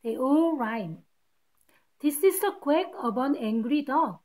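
Reading slowly and expressively, a woman teacher takes children through a picture book. Her voice sits high and is a little mellow, and she patiently breaks off to point out and explain each rhyme.

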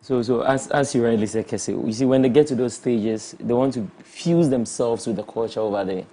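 A man on a chat panel, talking in a measured, agreeable way. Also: medium pitch, mellow. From Ghana.

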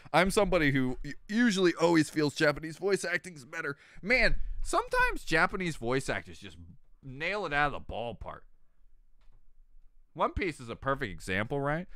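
Brief: excitable male game streamer, clear smooth voice, lively chatter. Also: mid-range voice, dry recording, clean studio sound. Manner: excitable, swears, jumps to shouts and chatty tangents. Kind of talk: let's play commentary.

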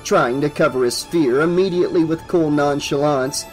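A male narrator reads a horror audiobook in a steady, measured voice. His voice sits slightly high, with faint music beneath it. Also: low-quality recording. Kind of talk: scripted narration.

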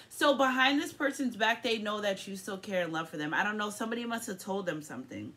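A woman's voice: a little high, lively intonation, fairly quick, hardly any pauses, fairly bright tone. Chatty, profane woman tarot reader. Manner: rambling, profane and upbeat. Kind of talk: casual tarot reading.

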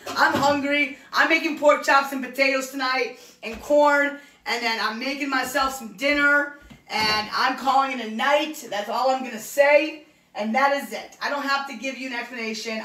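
Woman streaming live, sharp bright voice, keeps repeating herself on the defensive. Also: sits high. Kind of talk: casual live-stream talk.

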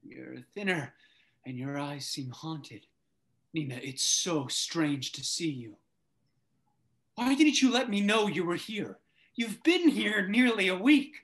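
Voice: mid-range voice, takes it slowly, a bit bright. A young actor playing a lovesick young male writer in a stage drama over a video call, impassioned and pleading. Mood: tender. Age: young adult. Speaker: student actor. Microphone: video call microphone.

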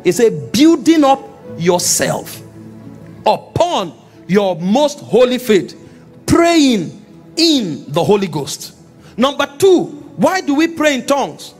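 A Nigerian man preaching with an unusually high voice for a man. He delivers his sermon with lively, animated energy and often rises to shouts. Soft music plays faintly behind him. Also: slow. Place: church meeting.

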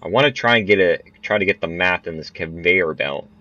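A man's voice: deep voice, a little fast, sharp tone. A young man giving casual, chatty commentary on his own gameplay, laughing at his missed shots. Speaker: gaming channel host. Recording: muffled, dry home recording.

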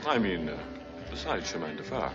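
An actor playing a suave, flirting male secret agent in a teasing, unhurried manner. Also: low-pitched, very animated. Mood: flirtatious. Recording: dull early-1960s film audio with music.

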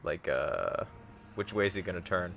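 A man's voice: low voice, expressive, normal speed, gravelly, fairly bright tone. A man giving casual, joking commentary on a gaming livestream, chatting with viewers. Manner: chatty, joking, talks to chat. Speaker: streamer.

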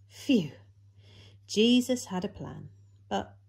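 Slow, husky woman telling a kids' story. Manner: expressive, big leaps in pitch and loudness for emphasis. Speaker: children's church storyteller. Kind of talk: reading a Bible story to children.

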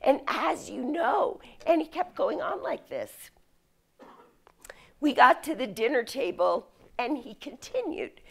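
A middle-aged woman from the United States giving a leadership lecture, telling stories in an animated way. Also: sits high, a little slow, gravelly. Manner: storytelling, animated. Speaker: speaker.

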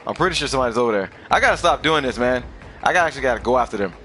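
A man on his gaming channel fires off excited live commentary at a rapid clip, mocking fellow players and laughing often. His pitch is medium, with faint music behind him.

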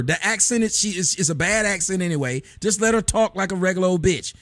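A man's voice: high voice, fast, few pauses, fairly bright tone, no echo, clean studio sound. A middle-aged man hosting a casual live stream, ranting bluntly and profanely about movies. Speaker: host.

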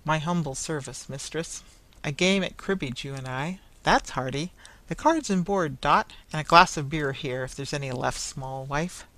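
A narrator playing a jovial, hearty carrier man who talks loudly and warmly. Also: normal speed, lightly acted, low-quality recording. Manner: loud, hearty and booming.

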